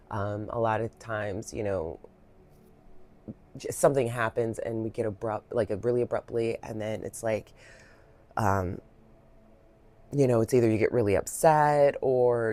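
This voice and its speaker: A Reiki practitioner with a bass voice gives a reflective guided talk. She's soft-spoken and heartfelt, a little emotional, and rambles with many fillers.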